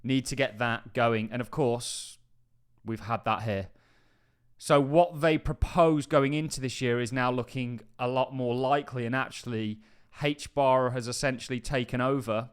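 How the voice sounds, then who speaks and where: A man hosting a crypto channel in casual, enthusiastic market commentary. He pushes key points with emphasis and keeps breaking off into quick offhand asides. His voice sits at an ordinary middle pitch for a man. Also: clean tone.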